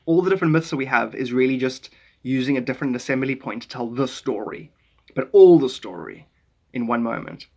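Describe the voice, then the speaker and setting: A South African man chatting casually on a live stream, rambling and animated as he jumps between ideas. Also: medium pitch, fairly quick, creaky.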